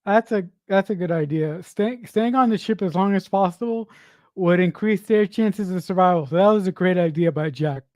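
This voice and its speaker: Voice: medium pitch, normal speed, a little mellow, dry recording, studio quality. A watch-along host reacting to a film with emotion, sighing and swearing while talking to viewers. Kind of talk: live reaction commentary.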